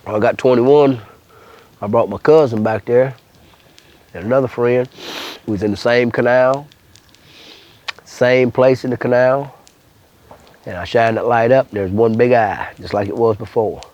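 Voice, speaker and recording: A man's voice: medium pitch, measured pace, long pauses, a little mellow, muffled recording. An older man from Louisiana with a bayou accent, telling a rambling, folksy story full of swearing in an interview. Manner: rambling, folksy, swears often, acts out voices.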